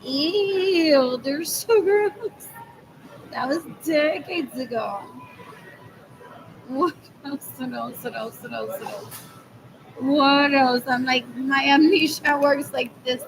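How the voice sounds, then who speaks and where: A woman's voice: sits high, slow, long pauses. A woman vlogging in a rambling monologue, repeating herself over and over and slipping Spanish phrases into English. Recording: noisy ambient background.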